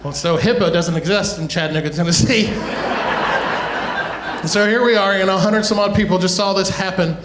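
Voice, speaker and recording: A middle-aged man doing a stand-up comedy set, telling a family story with quick asides and chuckles. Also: high voice, background noise. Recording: echoey live room.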